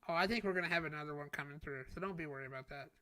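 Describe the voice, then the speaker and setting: A man's voice: a little high, rapid-fire, pushed and bright. A man co-hosting a casual podcast chat, teasing his friend and laughing often. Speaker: podcast co-host.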